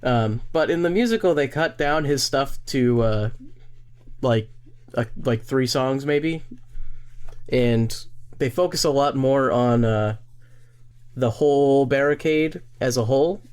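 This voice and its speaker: A man co-hosting a casual podcast about musicals, relaxed and loose, with lots of filler words. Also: medium pitch, a little slow, pauses often, smooth. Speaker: podcast co-host.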